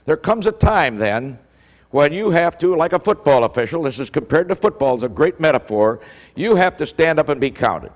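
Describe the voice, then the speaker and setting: An older man, a former football official, telling an animated story as a speaker, acting out the calls he shouted. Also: fairly high pitch, brisk. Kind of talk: storytelling speech. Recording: long hall reverb.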